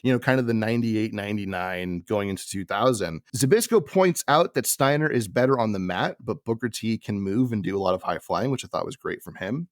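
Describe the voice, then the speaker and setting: A man's voice: lowish voice, lively intonation, fairly quick, hardly any pauses, dry recording, studio quality. A man hosting a podcast, recapping an old broadcast from notes in an easy, chuckling way between casual opinions. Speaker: podcast host.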